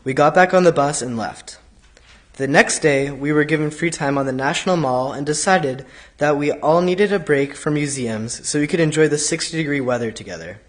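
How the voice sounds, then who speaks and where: A man's voice: fairly high pitch, moderate pace. Man reading a reflection aloud. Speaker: congregant giving a trip reflection.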